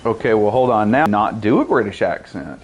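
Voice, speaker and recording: A man's voice: on the low side, lively intonation, moderate pace, slightly rough. A man giving casual, rambling gameplay commentary, joking and laughing at his own jokes. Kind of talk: casual let's-play chat.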